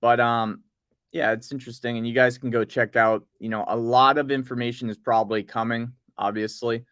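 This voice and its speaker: A man's voice: mid-range voice, brisk, clean tone, no room sound, studio quality. A man co-hosting a casual podcast, rambling through notes and reading bits aloud. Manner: relaxed, rambling, reads project notes aloud. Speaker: podcast co-host. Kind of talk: casual crypto news chat.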